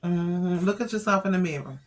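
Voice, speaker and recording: A woman's voice: lowish voice, brisk. A woman vlogger chatting casually to her viewers, retelling her day with lots of quoted dialogue. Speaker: vlogger and family caregiver. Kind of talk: casual storytelling to camera.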